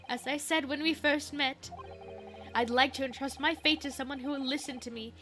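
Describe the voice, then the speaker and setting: A woman plays an earnest young defense lawyer in a story game. He is sincere and a little hesitant. The voice sits high. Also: steady tone, normal speed, fairly bright tone.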